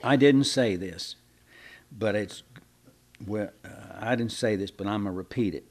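A man's voice: fairly low pitch, measured pace. A man preaching a sermon in a folksy, conversational way, often repeating and restarting his words.

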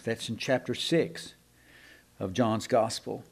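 A man gives an unhurried Bible lesson in a folksy, chatty manner. He muses aloud, asks his listeners questions and presses down on the words he wants to stress. His voice sits at an ordinary middle pitch. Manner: folksy, musing, leans hard on key words. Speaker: Bible teacher. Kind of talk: conversational Bible teaching.

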